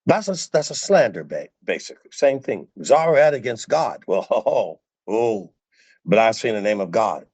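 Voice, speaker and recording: A man's voice: on the low side, very animated, measured pace, a little mellow, slightly rough, no echo. A male preacher giving a sermon, emphatic and repeating phrases for stress.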